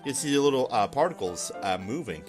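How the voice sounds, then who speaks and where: A man's voice: medium pitch, animated, a little fast, music in the background. Wry, chuckling man playing a game. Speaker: game streamer. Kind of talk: let's play commentary.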